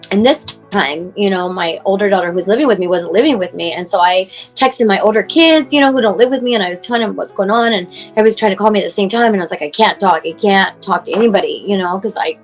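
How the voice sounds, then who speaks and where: A woman's voice: mid-range voice, fast, few pauses, faint music behind, poor audio. A woman in her forties, a mother telling her son's story as a guest, talking in a rambling way full of "like" and "you know", on a clip-on mic. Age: 40s. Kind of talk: emotional personal account.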